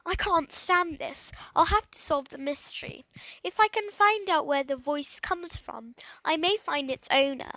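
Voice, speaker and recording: A woman's voice: high voice, unhurried, bright, forceful tone, heavily acted. Woman voicing a spirited, puzzled schoolboy. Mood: determined. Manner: exclaiming, indignant.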